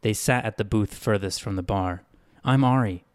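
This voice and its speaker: Guy narrating a daily story, low voice, super dry close sound. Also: fairly even intonation, moderate pace, dry recording. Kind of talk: scripted narration.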